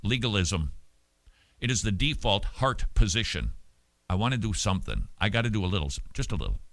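Emphatic, animated male radio preacher. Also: on the low side, brisk, no room sound. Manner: animated, emphatic, with sudden loud stresses. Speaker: radio host.

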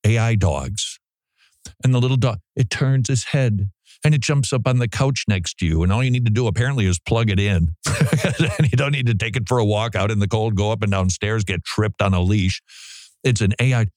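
A man with a fairly low, slightly mellow voice talks briskly while hosting a radio show, delivering a casual monologue full of jokes and frequent laughter. The recording is dry and studio quality, made on a studio microphone in a radio studio.

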